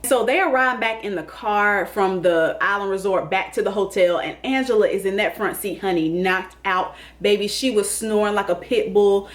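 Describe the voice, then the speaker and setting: A woman's voice: medium pitch, moderate pace, few pauses. A woman hosting a casual comedic TV recap, sassy, calling people honey and baby and laughing often. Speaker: YouTube TV recap host.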